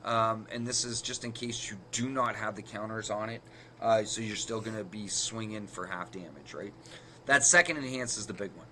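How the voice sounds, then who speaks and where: This fairly low-pitched man sounds pushed and bright, keeping a moderate pace against slight background noise. He co-hosts a card game podcast, casually explaining card-play math in steps and revising his figures as he talks.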